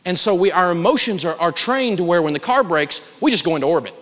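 A man's voice: high voice, lively intonation, fast, fairly bright tone. Emphatic man lecturing in a hall. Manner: emphatic, humorous, folksy storytelling. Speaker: personal finance teacher. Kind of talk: live lecture to an audience.

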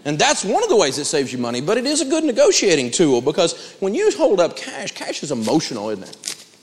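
A man's voice: on the high side, fairly quick, slight background noise. A man teaching personal finance to an audience, telling a story and acting out the voices as he goes. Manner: animated storyteller, acts out the voices. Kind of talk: storytelling lesson to a live audience. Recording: echoey hall, faint ambience.

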